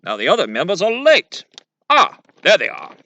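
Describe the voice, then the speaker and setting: A formal, proud mutant school leader, as a man puts him on, speaks in a raised, lifted voice. The sound is very bright and dry, with the mic close. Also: sits high, huge pitch swings, moderate pace, no echo, muffled recording, pitched above the performer's own voice, exaggerated voice. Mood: eager. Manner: formal, introducing people.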